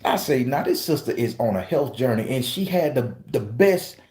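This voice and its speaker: A man's voice: medium pitch, animated, moderate pace, a little mellow, roomy sound. A man casually telling a story to his viewers, profane and emphatic, speaking straight to his audience. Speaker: tarot reader and channel host.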